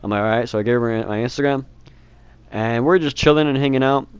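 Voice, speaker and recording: A man's voice: mid-range voice, fast, smooth, no echo. A teenage boy telling a rambling storytime, laughing and swearing casually. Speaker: vlogger.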